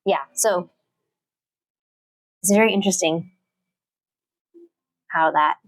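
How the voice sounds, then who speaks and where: A woman's voice: fairly low pitch, slow, dry recording. A woman who teaches literature, chatting thoughtfully in an interview with plenty of fillers and restarts. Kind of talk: casual interview talk.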